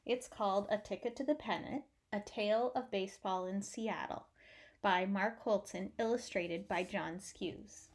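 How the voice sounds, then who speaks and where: A woman reading a children's picture book aloud with warm, expressive storytelling. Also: medium pitch, measured pace. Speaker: storybook reader.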